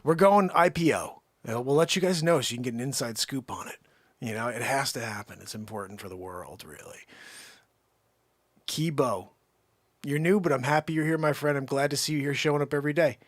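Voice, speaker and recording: A man hosting a live stream, rambling through effusive shout-outs to viewers in casual chat. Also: mid-range voice, fairly quick, no echo. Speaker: livestream host.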